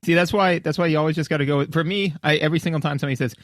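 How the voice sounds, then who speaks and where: Playful storytelling guy on a podcast, higher voice, dry close sound. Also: fairly even intonation, racing, no room sound. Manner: playful, storytelling, does voices for quoted people. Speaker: podcast co-host. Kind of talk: casual chat.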